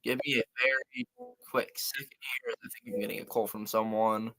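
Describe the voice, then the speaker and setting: A man's voice: lowish voice, steady tone, normal speed, creaky, bright, forceful tone. A man hosting a casual live college football show, chatting loosely and reeling off scores and stats. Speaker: sports show host.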